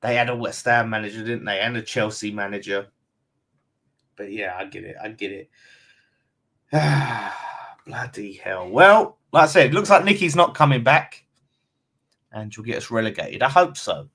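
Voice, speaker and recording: A man's voice: fairly low pitch, moderate pace, pauses often, fairly bright tone. A man with an Essex accent hosting a casual fan live stream, reading out viewer comments in a blunt, chatty way and calling everyone mate. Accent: London and Essex.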